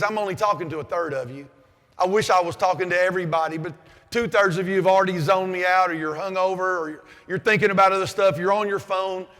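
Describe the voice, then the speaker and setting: A man in his fifties giving a loud, forceful motivational speech at a conference. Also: high-pitched. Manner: loud, forceful, self-described aggressive and over the top. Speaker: conference keynote speaker. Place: large conference hall. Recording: long hall reverb.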